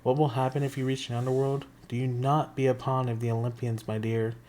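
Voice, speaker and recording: A man reading a story aloud, putting on a smooth, soothing, purring voice for a menacing female monster disguised as an old lady. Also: mid-range voice, little pitch movement, brisk, mellow, natural voice. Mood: coaxing.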